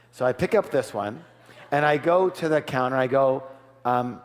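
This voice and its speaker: A man giving a live seminar talk, lively, quizzing the audience with call-and-response questions. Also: medium pitch, measured pace. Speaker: seminar speaker. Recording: long hall reverb.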